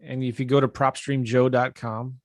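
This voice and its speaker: A man coaching on a live webinar, casual and upbeat as he walks viewers through his screen. His voice sits in an ordinary middle pitch. The sound is dry and close, with no room echo. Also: moderate pace. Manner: casual, energetic, talks straight to viewers. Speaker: real estate investing coach.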